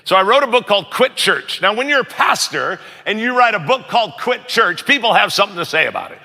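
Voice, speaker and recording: A middle-aged man preaches in a high, gravelly, very bright voice. He tells stories with animation and jumps into raised voices for the people in them. His voice carries a long reverb from a big hall. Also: big pitch swings, quick pace. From United States. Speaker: pastor. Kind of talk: storytelling sermon.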